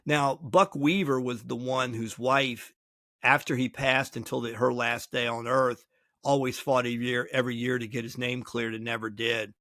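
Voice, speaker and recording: A man's voice: mid-range voice, steady tone, moderate pace, a bit bright, no echo, studio quality. Man telling a story, acting out dialogue. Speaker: podcast co-host. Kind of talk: casual podcast chat.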